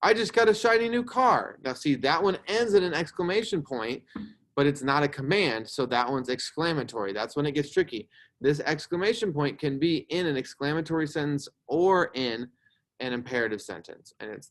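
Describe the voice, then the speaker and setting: A man's voice: medium pitch, lively intonation, moderate pace. A young man teaching a grammar lesson to a class, explaining patiently and checking in with "right?" as he goes.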